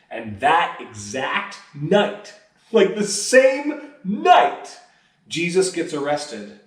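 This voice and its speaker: In a church, a pastor delivers a conversational sermon, telling a story in a casual, everyday manner and acting out quoted lines with animation. His voice is on the high side with big pitch swings, and he speaks extremely slowly. The sound is roomy and captured from a distance.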